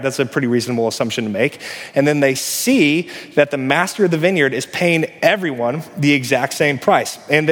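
A man in his thirties preaching a sermon as a pastor, telling stories conversationally and growing louder and animated on his key points. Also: mid-range voice. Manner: conversational, animated storytelling, swells louder on emphasis. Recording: long reverb of a large hall.

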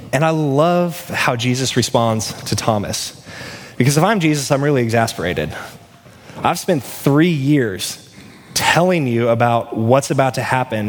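A man preaching a sermon in a conversational way, acting out dialogue with lively restarts. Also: medium pitch. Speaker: pastor. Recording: long hall reverb.

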